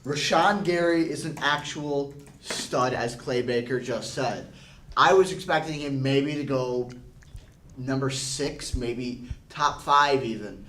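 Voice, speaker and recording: A man's voice: mid-range voice, takes it slowly, fairly bright tone, reverberant, far from the mic, a little hiss or hum, poor audio. A young man in a casual group chat, speaking in a subdued way. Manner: subdued, reluctant. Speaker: panelist.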